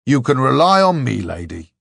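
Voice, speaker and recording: A man's voice: medium pitch, a little slow, a bit bright, dry recording, clean studio sound, voice pushed up. A man voicing an earnest, hearty man who speaks emphatically.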